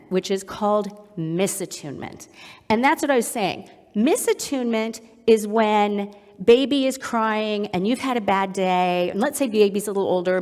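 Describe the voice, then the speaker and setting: A woman's voice: mid-range voice, in a large hall. A middle-aged woman, a psychologist, giving a webinar lecture and now and then acting out how a parent soothes a crying baby. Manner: demonstrative, acts out soothing a baby in soft tones. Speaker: psychologist presenter.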